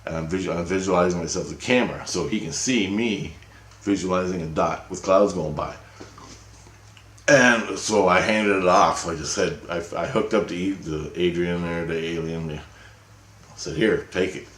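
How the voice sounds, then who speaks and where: A man's voice: deep voice, moderate pace, a bit bright, slight background noise. A man telling a long, rambling story in casual, profane speech, often checking in with "right?". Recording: roomy echo.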